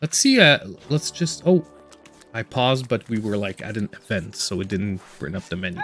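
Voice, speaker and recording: A man's voice: fairly low pitch, big pitch swings, moderate pace, a bit bright, faint music behind. A man with a Canadian accent giving casual, rambling let's-play commentary as a gaming channel host. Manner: rambling, filler-heavy chatter.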